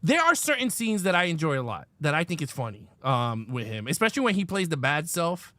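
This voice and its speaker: Brief: animated male podcast co-host, bright, lively pitch, dry close sound, laughs easily. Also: a little fast, dry recording. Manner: animated, laughing often, reenacts movie lines. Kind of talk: casual live film review chat.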